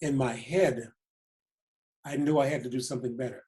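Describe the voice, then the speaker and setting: A man in his seventies doing an impression of an elderly South African statesman, speaking in a gentle, fatherly, measured way. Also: medium pitch, fairly even intonation, lightly acted. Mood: earnest.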